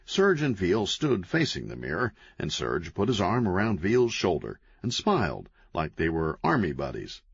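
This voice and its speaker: A man narrating an audiobook in a wry, deadpan storytelling manner. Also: sits low, normal speed, vocal fry, hardly any pauses, husky, dry recording. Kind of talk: scripted narration. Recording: dull, lo-fi, dry.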